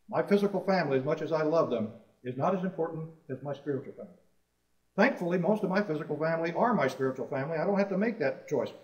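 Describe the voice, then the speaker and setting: Preacher in an echoey church. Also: male voice, fairly high pitch, darkish tone. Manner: emphatic, rising on key phrases, asking the congregation questions. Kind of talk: sermon. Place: church assembly hall. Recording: roomy, distant, dull old church recording.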